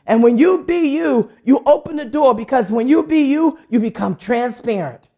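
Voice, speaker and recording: A woman's voice: high-pitched, lively intonation, moderate pace, warm tone. A woman pastor preaching a sermon, telling a testimony and acting out the voices of people she quotes. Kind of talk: sermon with storytelling.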